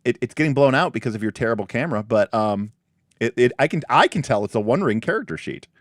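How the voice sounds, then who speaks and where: A man's voice: medium pitch, quick pace, no echo, studio quality. A man hosting a tabletop game livestream, chatting casually and breaking off into restarts and asides as he reviews rules. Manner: animated, many restarts and asides. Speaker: livestream host.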